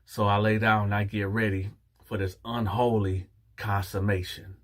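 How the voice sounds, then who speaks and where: A man's voice: fairly low pitch, normal speed. A man telling a story casually and animatedly, acting out the dialogue and talking straight to his listeners. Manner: animated, acts out dialogue, addresses listeners directly. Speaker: storyteller, channel host.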